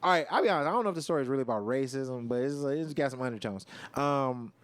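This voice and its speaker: A man's voice: mid-range voice, lively intonation, quick pace, no room sound. Male comic co-host, profane slangy storyteller, mid-range voice. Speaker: stand-up comedian and podcast host. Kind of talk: casual podcast chat.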